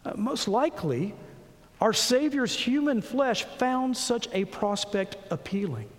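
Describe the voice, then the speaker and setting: Male pastor, high voice, expressive sermon delivery, echoing sanctuary. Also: a little slow. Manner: expressive preaching, acting out quoted voices. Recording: long hall reverb.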